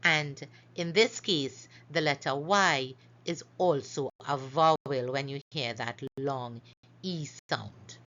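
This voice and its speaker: A woman teaching a phonics lesson over slides, slowly stretching out and repeating each example word. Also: extremely low pitch, a bit bright, muffled recording. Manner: slow, careful, stretches out example words.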